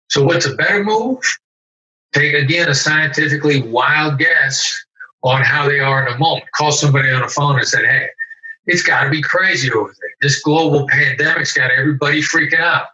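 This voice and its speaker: A middle-aged man on a remote call, his voice very bright and a little high. He sits away from the microphone, so the sound is roomy and dull. He explains things emphatically and acts out sample phrases. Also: moderate pace, distant mic. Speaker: negotiation expert guest. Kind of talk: animated explanatory interview talk.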